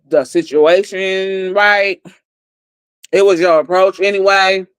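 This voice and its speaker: Brief: blunt livestreamer retelling a night out, mid-pitched, dry close sound. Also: clear, resonant tone, dry recording. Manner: blunt and profane, repeating lines for emphasis. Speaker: livestream host. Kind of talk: heated storytelling recap.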